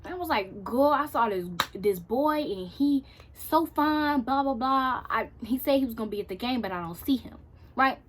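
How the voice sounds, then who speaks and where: A woman's voice: high-pitched, moderate pace, background noise. Chatty teen girl telling a storytime. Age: teens. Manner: animated, acts out her own reactions and quotes; slangy and chatty. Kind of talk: casual storytime.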